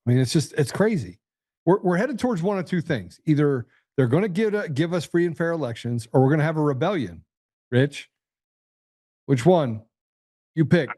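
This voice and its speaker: A man's voice: fairly high pitch, expressive, moderate pace, dark tone, no room sound, clean studio sound. A man hosting a political talk show, speaking bluntly and combatively, often repeating and restarting his words. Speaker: podcast host.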